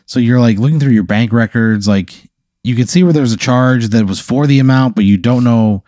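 Chill guy telling an improv story, mellow low voice, dry room, says like a lot. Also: moderate pace, no room sound. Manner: laid-back, casual, lots of "like". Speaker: host.

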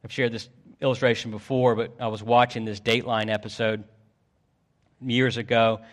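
A man preaching a sermon as pastor, swinging between loud pleading and hushed low tones.

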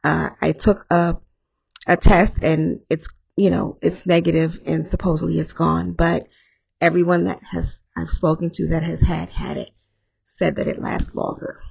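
A woman hosting her own podcast, talking candidly and rambling a little, her voice hoarse after an illness and laughing often. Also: lowish voice, flat delivery, a little slow, darkish tone. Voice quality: gravelly. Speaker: podcast host. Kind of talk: candid solo podcast talk.

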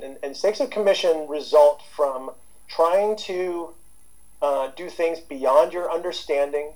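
A therapist in his fifties, interviewed as a guest, speaks casually and rambles with lots of fillers and restarts. His voice is fairly high with a darkish tone, and the recording is rough.

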